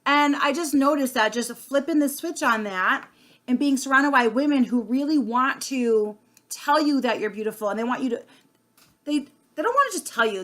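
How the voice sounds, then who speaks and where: A woman's voice: fairly high pitch, a bit bright. A woman, talking earnestly and casually straight to camera, with plenty of fillers and restarts. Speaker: sales consultant vlogger. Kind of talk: unscripted casual monologue.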